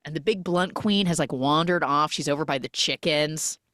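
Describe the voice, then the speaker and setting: Low-voiced woman casually recapping a film. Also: normal speed, no echo, studio quality. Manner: chatty, animated retelling with many "like"s.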